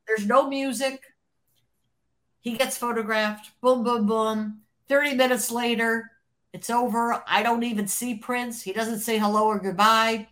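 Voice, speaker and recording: A fairly high-voiced woman tells a story in an interview. She talks in an animated way, acts out the lines of people in her story, and laughs often. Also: unhurried. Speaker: interview guest, former record label creative executive.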